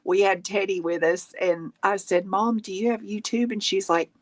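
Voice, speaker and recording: A woman's voice: mid-range voice, steady tone, normal speed. A middle-aged woman hosting a craft livestream, chatting casually, laughing often and reading viewer comments aloud. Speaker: craft channel host. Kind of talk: casual chat while crafting.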